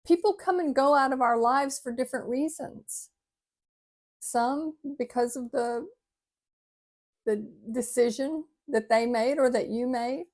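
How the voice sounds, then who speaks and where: An older woman with a soft lilt speaks in a gentle, heartfelt way, reading and reflecting on an inspirational piece for her viewers. Her voice sits high and light for a woman her age. She sounds sincere and unhurried. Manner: gentle, heartfelt, sometimes choked up. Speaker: vlogger.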